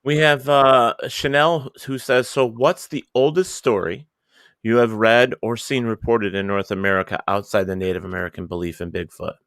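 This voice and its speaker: A man's voice: mid-range voice, fairly even intonation, normal speed, fairly bright tone, no room sound, studio quality. A man hosting a talk radio show, chatting casually with guests and reading chat questions aloud. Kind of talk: casual live-stream hosting.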